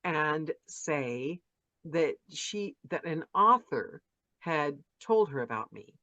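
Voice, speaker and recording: Animated yet slow, a woman with a low, bright, forceful voice hosts a chatty, effusive video-call interview with narrators for her podcast, gushing and restarting her sentences. The dull lo-fi call audio is dry.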